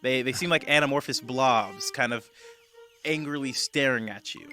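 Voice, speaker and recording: A man narrating a tabletop game as game master, halting with many restarts. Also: medium pitch, sharp tone, faint music behind. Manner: halting, full of fillers and restarts.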